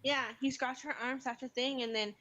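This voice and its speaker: A woman's voice: high-pitched, fairly even intonation, normal speed, a bit bright, highs cut off. A woman chatting casually with a friend on a livestream. She tells a story about her daughter, full of fillers and restarts, and acts out the girl's lines. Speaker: vlogger and mother.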